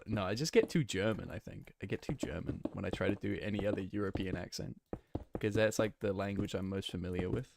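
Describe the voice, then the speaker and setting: With background noise behind him, this streamer talks briskly in a low voice with vocal fry. He rambles easygoingly over his block-building game, answering chat with many fillers and self-corrections.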